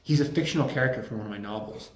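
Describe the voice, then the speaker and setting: A man's voice: medium pitch, very fast, muffled recording. A man giving a casual lecture to a small group, joking and rambling through anecdotes. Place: room at a campus Catholic center. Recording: roomy echo.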